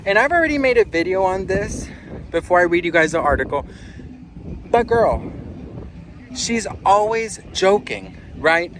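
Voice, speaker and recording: A man hosting a celebrity gossip talk, sassy and animated, calling his listeners "girl" and "best friend" and reading an article aloud with his own asides. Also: high voice, measured pace, long pauses, a little hiss or hum. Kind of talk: casual gossip commentary.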